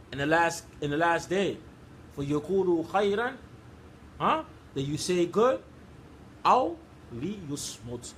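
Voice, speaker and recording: A man's voice: on the high side, a bit bright, slight background noise, low-quality recording. A man giving an informal religious lecture, talking in an emphatic, repetitive, conversational way. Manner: repetitive, emphatic, conversational street-style English. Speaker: Islamic preacher.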